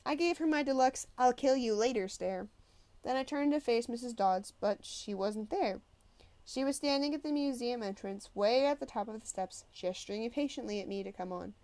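A woman narrating an audiobook in the first person with an expressive, conversational delivery. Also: fairly high pitch, moderate pace.

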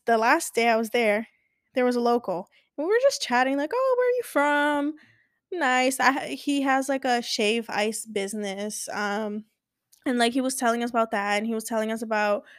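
A young woman with a fairly high voice tells a casual vlog story, rambling and restarting with plenty of "like" fillers. She gushes with enthusiasm, and the recording is close and dry with no room sound. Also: no room sound. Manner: enthusiastic and gushing.

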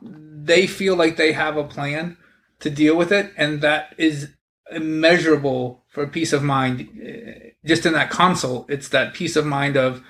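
A man with a somewhat high voice talks reflectively in a casual panel chat. He repeats key phrases to drive his point home. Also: steady tone, a little slow, fairly bright tone.

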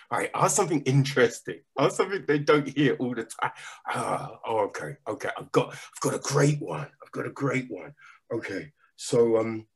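Animated rambling man hosting. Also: mid-range voice, husky. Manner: rambling, animated, with many restarts. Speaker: podcast host and interviewer. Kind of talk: casual chat. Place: London. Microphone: video call.

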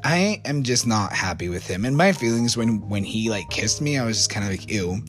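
A man's voice: lowish voice, lively intonation, fairly quick. American male storyteller, chatty and rambling, faint music underneath. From United States. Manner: rambling, self-correcting, many fillers. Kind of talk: casual storytime.

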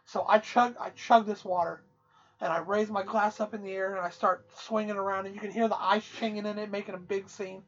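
A woman co-hosting a podcast, telling a rowdy anecdote in loose, profane, animated casual chat. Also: medium pitch, fairly quick. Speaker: podcast co-host. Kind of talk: casual storytelling. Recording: dull, muffled audio.

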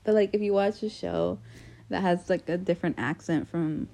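A young woman with an American accent talks casually through her solo podcast. Her voice is warm and mellow and sits on the lower side. She rambles in a self-deprecating way and trips over her words with plenty of fillers and restarts. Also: expressive, normal speed. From United States. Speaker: podcast host.

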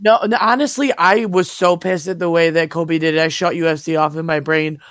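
A woman's voice: deep voice, fairly even intonation, fairly quick, no room sound, clean studio sound. A woman co-hosting a podcast, talking bluntly and heatedly and swearing freely. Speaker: podcast co-host. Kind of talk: casual chat.

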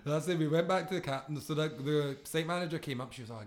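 A man's voice: on the high side, quick pace, few pauses. A young man, a podcast co-host, telling a rambling story in casual chat, full of fillers and laughter.

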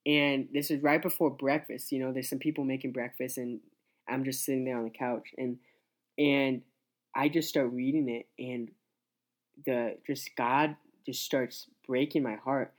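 A young man, a youth pastor, telling his story in a casual interview, earnest and halting with many restarts. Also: mid-range voice, flat delivery.

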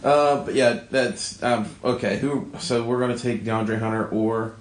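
A man's voice: mid-range voice, steady tone, a little slow, a little hiss or hum. A man co-hosting a sports podcast, sarcastic and wisecracking in casual chat. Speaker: podcast co-host. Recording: echoey room.

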